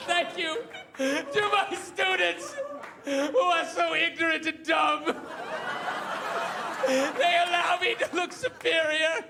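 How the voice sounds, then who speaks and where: A man's voice: very high voice, slow, gravelly, long pauses, a crowd in the background, noisy background, pitched above the performer's own voice, full character voice. A comedian playing a pompous, self-adoring older male TV interviewer who gives a tearful, flowery acceptance speech on stage. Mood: pompous, weepy. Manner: grandiose, flowery, over-emotive speech. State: tearful, breaking down.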